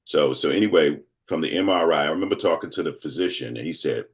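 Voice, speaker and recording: A man in his fifties, a guest telling a personal story in casual conversation, animated and acting out other people's voices. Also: rumbling low, fast talker. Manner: animated storyteller who acts out quoted voices.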